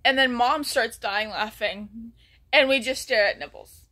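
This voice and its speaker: A woman's voice: fairly high pitch, measured pace, bright, forceful tone. A woman telling a story in a casual vlog, rambling with many ums and restarts and sometimes dropping to a near whisper. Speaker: vlogger.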